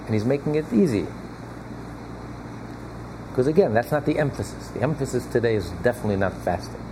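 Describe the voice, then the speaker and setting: A man's voice: mid-range voice, animated, fairly quick, background noise. A man teaching a text to a small study group, emphatic, repeating his key points and chuckling now and then. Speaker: Torah class teacher.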